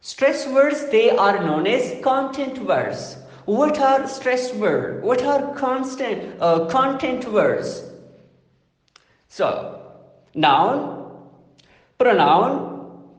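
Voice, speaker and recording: A man giving a slow, deliberate lecture on phonology, repeating his points and listing terms one by one. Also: very high-pitched, sing-song. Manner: slow, deliberate, repetitive phrasing with lists. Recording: echoey room with long reverb.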